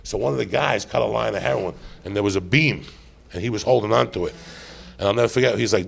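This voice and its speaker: A man hosting a live podcast, telling rowdy, profane stories in a loud, animated way. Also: fairly low pitch, fast, creaky, husky. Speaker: podcast host.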